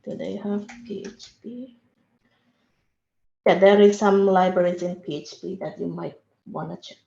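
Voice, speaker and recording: A woman's voice: fairly low pitch, fairly even intonation, measured pace, gravelly, mellow, reverberant, muffled recording. A woman answering audience questions after her talk at an online workshop, helpfully pointing the audience to resources. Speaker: invited speaker answering questions.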